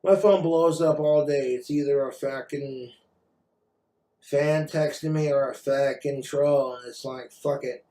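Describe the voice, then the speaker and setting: A man's voice: medium pitch, steady tone, unhurried, warm tone. Tipsy male vlogger, rambling profane rant, mid-range voice. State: drinking, tipsy.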